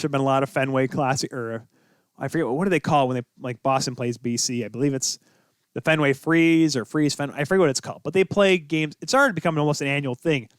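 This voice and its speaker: A man's voice: fairly high pitch, a bit bright, no room sound, clean studio sound. A young man hosting a sports podcast, talking solo in a rambling way, thinking aloud, his voice jumping up when he gets worked up. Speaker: podcast host.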